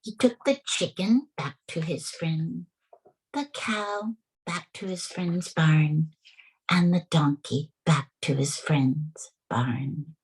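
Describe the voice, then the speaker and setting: A woman from the United States telling a children's story with animated sound effects. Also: deep voice, slow, breathy edge, rough recording.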